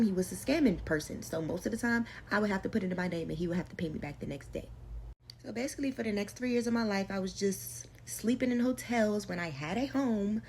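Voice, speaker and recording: A woman's voice: medium pitch, a little hiss or hum. A young adult woman telling her own story in a casual storytime vlog, slangy and emphatic, repeating lines for effect.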